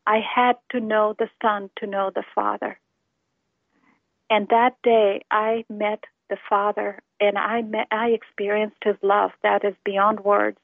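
A woman's voice: mid-range voice, level tone, slow, creaky, no echo. A woman giving an earnest, heartfelt personal testimony about her faith. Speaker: testimony speaker. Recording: tinny phone-line sound, dry.

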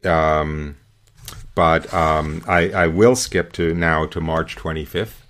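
A man hosting a radio show, reading a religious account aloud and breaking off to comment, with frequent pauses and fillers. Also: rumbling low, steady tone, fairly bright tone.

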